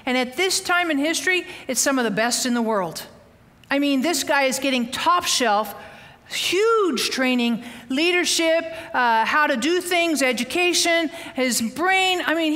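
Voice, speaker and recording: A woman teaching a Bible lesson, telling the story with lively, animated acting-out of the quotes. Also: sits high, long reverb tail. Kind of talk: teaching sermon. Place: outdoors, windy.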